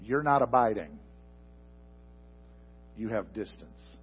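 A man preaching a sermon into a microphone before a congregation, asking them questions and swinging from loud emphatic bursts to soft, slow asides. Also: on the low side, animated, dull audio, soft background music. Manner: addresses the congregation directly with questions. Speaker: pastor. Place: church sanctuary before a congregation.

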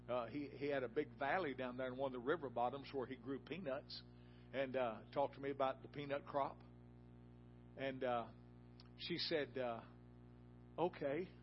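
A man preaching a sermon in a church, telling a folksy personal story that rises to loud, emphatic peaks. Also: medium pitch, muffled recording.

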